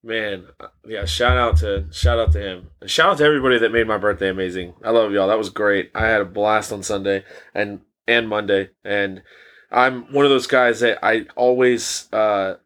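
A man's voice: on the low side, moderate pace, a bit bright. A young man co-hosting a podcast in casual chat, laid-back, swearing a lot and laughing often. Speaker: podcast co-host.

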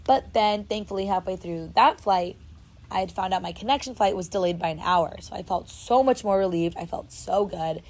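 A young adult woman, a storyteller vlogger, tells a travel story in a chatty, dramatic storytime style full of filler words. Her mid-range voice moves at normal speed and sounds a little mellow. She starts outdoors and then heads indoors.

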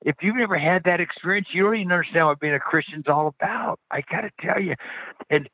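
A man's voice: high voice, quick pace, husky, no echo. A passionate man tells faith stories as a radio guest. He talks eagerly and restarts his sentences often. His voice is dry and tinny, as if heard over a phone line. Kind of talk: faith testimony on a radio interview.

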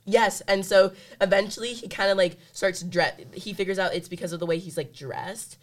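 A woman's voice: mid-range voice, fairly even intonation, normal speed. A young woman co-hosting a podcast in casual chat, playful and talkative, with lots of "like" fillers. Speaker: podcast co-host.

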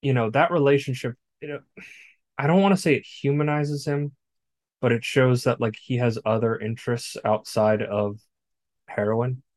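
A man's voice: mid-range voice, steady tone, normal speed, a little mellow, no echo. A man co-hosting a podcast, recapping a film in casual chat, blunt and profane. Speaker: podcast co-host. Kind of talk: casual movie discussion.

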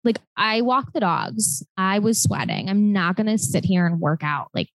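A woman's voice: mid-range voice, expressive, normal speed, dry recording, poor audio. Chatty young woman podcast co-host. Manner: chatty, lots of filler words. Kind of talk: casual chat.

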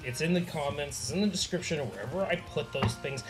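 A music vlogger giving casual song recommendations, gushing and excitable, with many "like" fillers. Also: medium pitch, quick pace.

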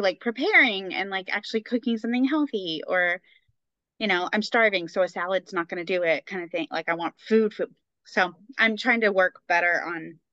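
Woman co-host, casual chat, bright forceful voice, dry dull lo-fi sound. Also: fairly low pitch, no room sound. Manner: fast, chatty, lots of fillers. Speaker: podcast co-host.

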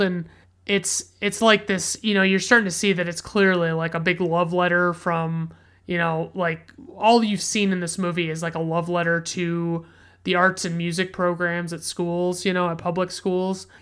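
A woman's voice: on the low side, smooth. A woman hosting a podcast, reviewing films in a rambling casual way, swearing freely and filling every gap with "like" and "you know". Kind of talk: casual movie review monologue.

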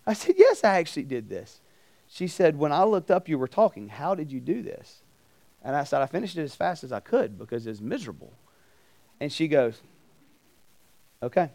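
A man preaching at a campus ministry, telling a story with animated acted-out voices and questions to his listeners. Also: a little high, brisk, vocal fry. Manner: animated, acts out voices in anecdotes, asks the crowd questions. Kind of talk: storytelling sermon. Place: campus ministry meeting room.

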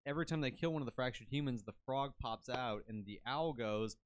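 A man's voice: mid-range voice, brisk. A man in casual podcast chat, explaining things in a laid-back way. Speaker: podcast co-host.

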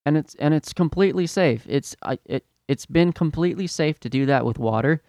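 A man's voice: fairly high pitch, fairly quick, a little mellow, no echo, clean studio sound. A young man hosting a podcast, ranting in a fed-up, profane, exasperated way about his retail job. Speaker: podcast host, retail worker.

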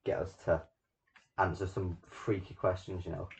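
Low-voiced sweary teenage boy. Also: level tone, moderate pace, creaky, a little hiss or hum. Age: teens. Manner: blunt, sweary, teasing. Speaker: podcast host. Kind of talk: casual chat. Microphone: small home microphone.

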